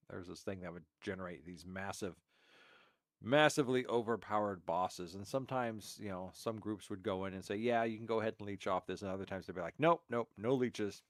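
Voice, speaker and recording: A low-voiced man with a gravelly edge rambles through a casual reaction to a game stream. He trips over his words, circles back and keeps going. The sound is dry and close. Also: no room sound. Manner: rambling, halting storyteller with many restarts.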